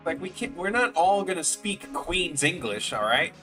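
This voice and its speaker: A man casually chatting while he works on a live stream, rambling and restarting his sentences, and turning animated and incredulous when he tells a story. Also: a little high, normal speed, soft background music. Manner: rambling and offhand, trailing off and restarting.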